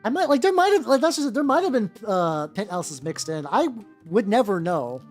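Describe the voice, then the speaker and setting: Rambling, animated miniature-painting streamer. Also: medium pitch, normal speed. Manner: rambling and animated, full of fillers and tangents. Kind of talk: casual chat while painting on stream. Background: faint background music.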